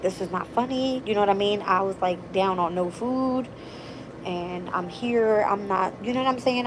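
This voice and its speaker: A woman hosts a late-night livestream chat, telling stories in a blunt, profane, animated way. Her voice sits at a middle pitch. A clear hiss of noise runs under the home recording. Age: adult with a daughter. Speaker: tarot reader and channel host.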